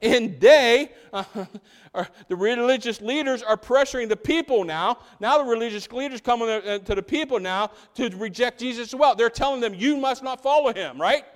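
A man preaches with a high, lively voice. He swings from loud outbursts to near-whispered lines. The sound rings in a hall with a long echo. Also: normal speed. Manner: animated, swings from loud to hushed. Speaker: pastor. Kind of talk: sermon.

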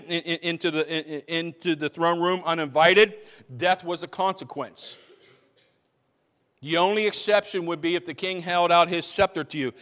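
A man's voice: high voice, a bit bright. A man preaching a sermon as pastor, talking conversationally, restarting phrases and asking the congregation questions. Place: church sanctuary. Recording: long hall reverb from a church sanctuary.

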